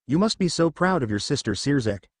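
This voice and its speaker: A man's voice: on the high side, big pitch swings, brisk, no room sound. Serafal: a man voicing a cheerful demon queen. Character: cheerful young female demon ruler.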